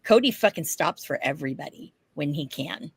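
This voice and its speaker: Woman, podcast co-host, casual storytelling, animated and laughing, dry recording. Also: low voice, a little fast, slightly rough, no echo.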